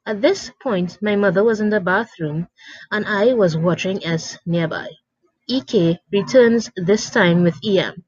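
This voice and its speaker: A woman's voice: medium pitch, measured pace, darkish tone, breathy edge, no room sound. A woman reading a story aloud with dramatic, indignant storytelling, in a dry, dull lo-fi recording. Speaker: story narrator.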